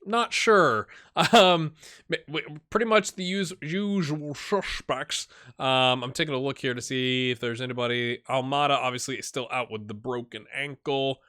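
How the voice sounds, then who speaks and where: A man's voice: mid-range voice, steady tone, moderate pace, fairly bright tone, smooth. A man casually commenting on his football management game, rambling and chatty, often calling his viewers "my friends". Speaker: gaming YouTuber. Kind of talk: casual let's-play commentary.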